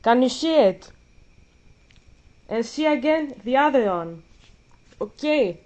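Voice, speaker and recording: A woman's voice: high voice, animated, slow, a little mellow. Blunt, foul-mouthed woman vlogger. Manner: blunt, profane, emphatic. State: out of breath. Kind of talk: casual ranting commentary while gaming.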